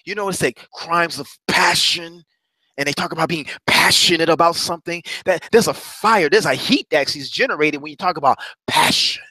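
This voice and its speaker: A middle-aged man delivers a motivational talk, repeating phrases like a preacher and building passion as he goes. His voice is somewhat high and bright with a forceful edge, recorded dry and close. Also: brisk, breathy edge, no echo. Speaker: motivational coach.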